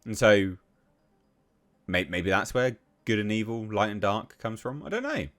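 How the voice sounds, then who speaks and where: English guy reading out an article and tearing into it, swears a lot, lowish voice that jumps all over. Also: lively intonation, unhurried, a bit bright, soft background music. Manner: reads passages aloud then reacts with blunt, profane scorn. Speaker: online commentator. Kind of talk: ranting commentary on a news article.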